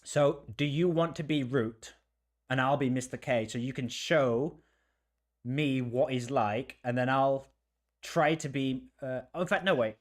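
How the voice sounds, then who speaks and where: A man's voice: mid-range voice, unhurried. A man hosting a podcast, joking around and rambling in casual chat. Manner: playful, jokey, rambling. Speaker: podcast host.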